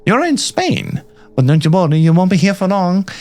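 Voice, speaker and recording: A man's voice: high voice, very animated, normal speed, a little mellow, voice pushed up. A man voicing a sinister older cult leader in a put-on German accent, smug and menacing, for a fan game read-through. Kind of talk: reading a fan otome game aloud with voices.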